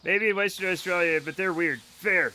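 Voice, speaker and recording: A man streaming a game live, chatting casually to his viewers in a rambling, self-mocking way with sudden excited outbursts. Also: high voice, moderate pace, heavy background noise. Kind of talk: casual gameplay commentary to chat.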